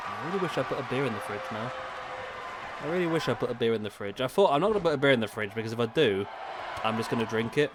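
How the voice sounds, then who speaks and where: A man's voice: mid-range voice, animated, quick pace, over a noisy crowd, heavy background noise. A man in his thirties streaming a wrestling game live, chatting casually to viewers. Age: 30s. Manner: chatty, talks to chat viewers. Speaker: gaming streamer.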